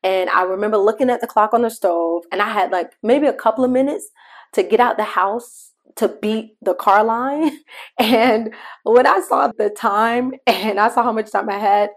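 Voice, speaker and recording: Woman telling a faith story on a podcast. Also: a little high. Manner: conversational, storytelling, addresses listeners directly; shifts pace between slow emphasis and quick asides. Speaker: podcast host. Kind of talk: devotional podcast talk.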